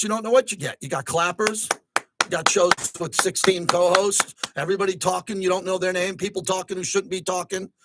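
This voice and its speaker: Heavy background noise surrounds a high-pitched man hosting a sports talk radio show from a studio on a close mic. He talks at length and turns excitable, nearly shouting when riled.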